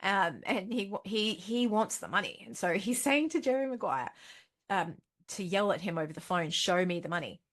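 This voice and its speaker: A woman's voice: big pitch swings, normal speed. A woman giving a casual webinar talk on money, chatty and self-correcting, often slipping into playful inner-voice quotes. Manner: chatty, acts out inner voices with sudden high pitch jumps; frequent self-corrections and soft laughs. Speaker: financial educator and webinar host. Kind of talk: webinar presentation.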